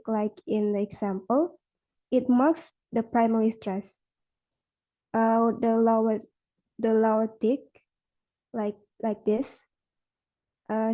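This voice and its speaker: A woman's voice: fairly high pitch, mellow. Young woman reading a class presentation. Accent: Indonesian. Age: young adult. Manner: careful, slows to model stressed words. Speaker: student presenter. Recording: muffled lo-fi recording.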